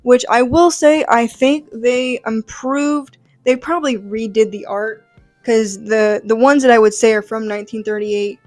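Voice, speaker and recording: A woman's voice: fairly high pitch, steady tone, a little slow, a little mellow, no room sound, faint music behind. A young adult woman casually breaking down a comic book. She rambles and talks in a chatty way, full of fillers and "like.". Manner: enthusiastic and chatty.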